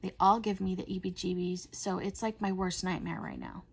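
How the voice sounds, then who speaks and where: A middle-aged woman hosting a coloring video, chatting in a rambling way and often dropping to a soft whisper. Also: lowish voice, fairly even intonation, moderate pace, creaky, breathy edge. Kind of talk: casual chat while coloring.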